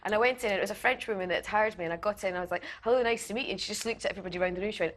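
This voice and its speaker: A Scottish woman on a radio panel, an animated storyteller who laughs often. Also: mid-range voice, racing. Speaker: panel guest. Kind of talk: casual radio panel chat.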